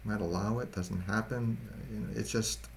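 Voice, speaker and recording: Male pastor, halting conversational sermon, gravelly voice, faint background noise. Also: lowish voice, fairly even intonation. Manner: halting, repeats words, conversational asides. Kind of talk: storytelling sermon.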